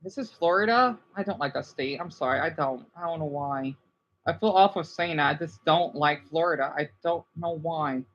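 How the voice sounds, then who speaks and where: A man chatting casually on a live stream, reacting to viewer comments in a rambling, animated way. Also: fairly high pitch, normal speed, lo-fi sound. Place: home room, keeping voice down.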